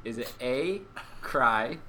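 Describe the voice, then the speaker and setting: A man playing quiz master on a casual podcast, reading multiple-choice questions deliberately. His voice is bright and forceful at a middle pitch, and he teases the others. Faint noise hums behind him. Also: animated, low-quality recording. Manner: reads questions deliberately, teasing.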